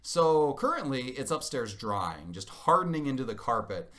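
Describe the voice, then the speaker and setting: A man's voice: medium pitch, sing-song, moderate pace, sharp tone. A man in his thirties telling a funny family story to camera in a wry, self-mocking, exaggerating way. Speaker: parent vlogger.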